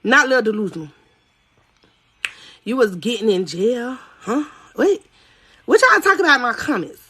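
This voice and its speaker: A woman in her thirties telling a story on a live podcast, animated, swinging from loud cries to low asides. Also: normal speed, slightly rough.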